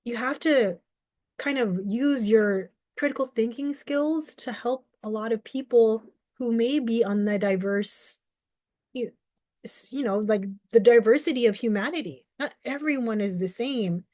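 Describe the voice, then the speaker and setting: A woman's voice: on the high side, unhurried, a little mellow, no room sound, clean studio sound. A young adult woman, a mental health advocate, giving earnest, reflective video commentary and explaining her view with everyday examples. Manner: acts out short quoted exchanges.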